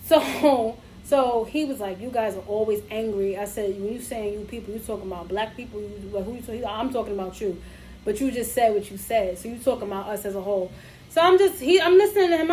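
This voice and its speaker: A woman, co-hosting a podcast, telling a story in casual chat and acting out both sides of it, animated and profane. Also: fairly high pitch, fast talker, slight background noise, rough recording. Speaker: podcast co-host.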